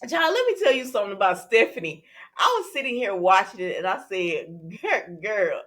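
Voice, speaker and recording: A woman's voice: mid-range voice, big pitch swings, a little fast, fairly bright tone. Sassy woman recapping a soap. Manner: chatty, sassy, talks straight to viewers. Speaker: soap opera recap host. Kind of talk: casual chat.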